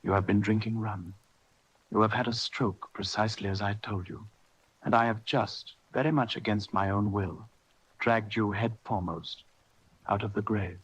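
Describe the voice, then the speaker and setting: A man voicing a stern doctor who scolds his patient in crisp, firm sentences. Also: fairly low pitch, steady tone, normal speed, rough recording. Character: stern middle-aged country doctor. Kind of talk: audiobook character reading.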